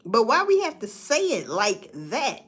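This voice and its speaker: A woman's voice: fairly high pitch, huge pitch swings, a little slow, fairly bright tone, slightly rough. A woman, musing in a casual, profane monologue full of rhetorical questions. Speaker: vlogger.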